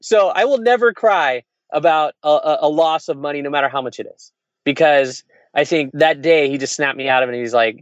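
A man's voice: fairly high pitch, a little fast, no room sound, lo-fi sound. A man who is an entrepreneur tells candid stories in casual conversation, with restarts and quoted dialogue. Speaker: entrepreneur guest.

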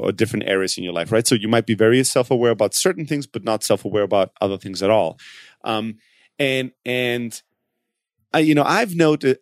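A male podcast co-host speaking in a casual, halting way, with constant restarts and stutters. His voice swings high when he gets worked up, then settles back to a mid-range tone. It sounds dry and close to the mic. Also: dry recording. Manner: halting, with many restarts, and animated outbursts when quoting himself. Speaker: podcast co-host, company founder. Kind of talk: casual conversation.

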